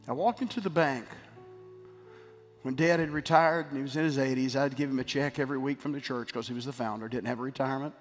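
A middle-aged male pastor preaches in a mid-pitched voice, swinging between forceful emphasis and hushed storytelling. His words ring out with a long church reverb, and soft music plays faintly underneath. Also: fast. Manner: emphatic preaching that drops to a quiet, tender storytelling tone. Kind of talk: sermon. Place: church sanctuary.

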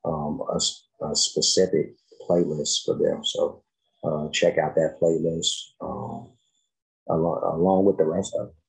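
A man hosts a casual song reaction, laid-back and slangy with plenty of fillers. His voice is very low, with a rough, creaky texture. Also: flat delivery, measured pace, darkish tone, poor audio. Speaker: music reaction host.

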